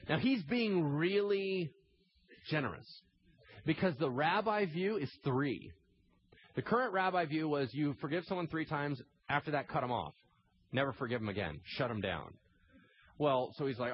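A man preaching a sermon, telling the story with animated swings between loud emphasis and quiet intensity. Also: mid-range voice, normal speed, slightly rough, highs cut off. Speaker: pastor.

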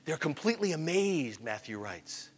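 A man preaching a sermon, telling the story animatedly and moving between hushed asides and emphatic stretches. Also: on the high side, sing-song, moderate pace, slightly rough, long reverb tail.

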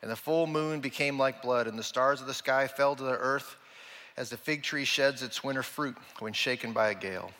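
A man's voice: medium pitch, normal speed, sharp tone, big-room sound. A man preaching a sermon from the pulpit, reading scripture and pressing the congregation with emphatic rhetorical questions. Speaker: pastor.

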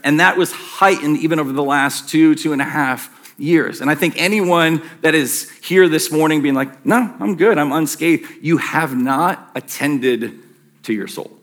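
Conversational pastor, fairly high-voiced man. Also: moderate pace, fairly bright tone. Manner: conversational, self-deprecating, with frequent fillers. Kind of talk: sermon. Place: church sanctuary.

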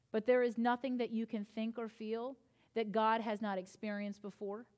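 A pastor with a voice on the high side delivers her church sermon earnestly and forcefully. The delivery swells, then relaxes into quieter, comforting stretches.

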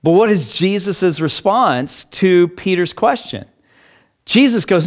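A man preaching a sermon, reading scripture aloud and explaining it in an earnest, expressive way. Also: high-pitched, takes it slowly. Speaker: pastor.

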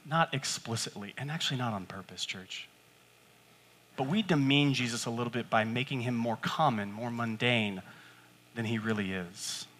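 A man preaching a sermon to his church in a conversational way, acting out quotes and jumping up in pitch for emphasis. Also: bright, forceful tone. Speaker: pastor.

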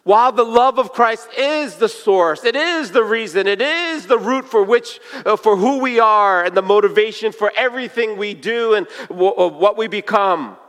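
High-voiced guy preaching, earnest storyteller, lots of hall echo. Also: lively intonation, clear, resonant tone. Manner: earnest storytelling preacher, slows and drops to a hush for emphasis. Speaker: pastor. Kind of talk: sermon. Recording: long reverb of a large hall.

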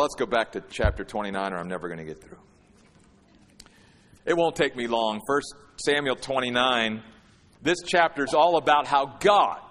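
Emphatic male preacher in a reverberant hall. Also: medium pitch. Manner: swings from hushed to emphatic, repeats phrases. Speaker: pastor. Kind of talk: sermon.

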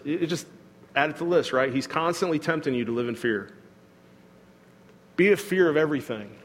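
A man's voice: on the high side, brisk, long pauses. Guy pastor giving a chatty sermon, acting out voices, echoey church hall. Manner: conversational, acts out quoted voices, self-deprecating humor.

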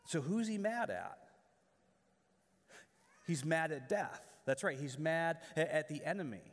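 An earnest man preaches a sermon, stopping to restart his words and pose rhetorical questions. His voice sits a bit high for a man. A long reverb trails each phrase, as in a large hall. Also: lively intonation, measured pace. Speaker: pastor.

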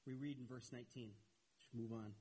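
A man delivers an earnest sermon in a strongly husky, breathy voice. He leans on repetition to drive his points home, and his pitch climbs when he gets animated. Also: a little fast, poor audio. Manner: earnest, repeats phrases for emphasis, rises in pitch when animated. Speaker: preacher.

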